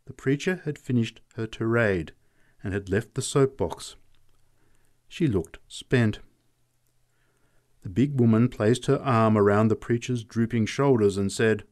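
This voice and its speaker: A man narrating short stories aloud in an expressive reading voice. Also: on the low side, unhurried, pauses often. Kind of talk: story reading.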